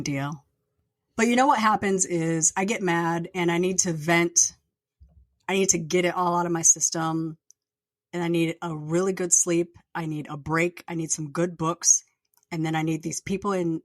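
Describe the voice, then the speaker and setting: Candid woman podcaster venting, low voice. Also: steady tone, moderate pace, no echo, clean studio sound. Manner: candid, rambling, venting with frequent fillers. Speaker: podcast host and author. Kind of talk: casual solo podcast rant. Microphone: plugged-in podcast microphone.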